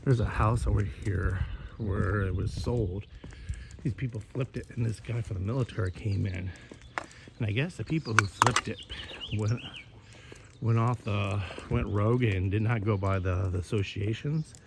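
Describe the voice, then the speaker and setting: A man's voice: fairly low pitch, normal speed, gravelly, noisy background. A man chatting casually while walking his neighborhood, rambling and swearing as he gossips about the neighbors. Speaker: vlogger. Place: outdoors in a neighborhood.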